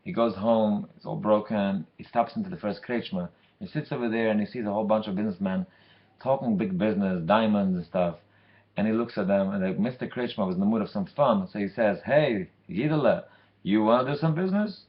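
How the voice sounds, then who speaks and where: A man telling a story for a weekly Torah lesson in a lively way, acting out the characters. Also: fairly low pitch, fairly quick, dull audio.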